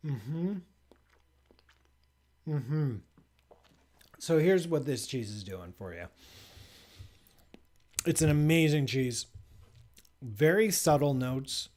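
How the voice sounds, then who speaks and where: His voice sits on the high side with a darkish tone; he's animated, draws out words, and leaves long pauses. He's the astrophysicist host of a live call-in space show, casually chatting on stream with lots of "like" and restarts during a playfully enthusiastic food tasting.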